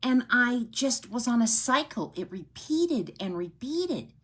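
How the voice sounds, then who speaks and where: A woman's voice: on the high side, sing-song, takes it slowly, few pauses, fairly bright tone, husky. A woman sharing her personal story with her followers in an earnest, heartfelt way, often checking in with "right?".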